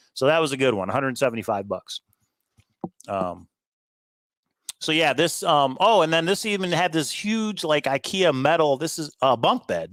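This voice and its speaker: In a dry recording, a man of medium pitch and slightly bright tone co-hosts a relaxed live stream. Chatty and upbeat, he covers things he sold, fields viewer comments, and drops in fast asides and chuckles.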